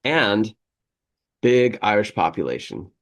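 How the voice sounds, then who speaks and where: A low-voiced man with a gravelly edge co-hosts a relaxed podcast. He reads passages aloud and keeps wandering off into chatty asides, laughing as he goes. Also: slow. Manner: rambling, digressive, laughs often. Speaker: podcast co-host. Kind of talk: casual chat reading from a history book.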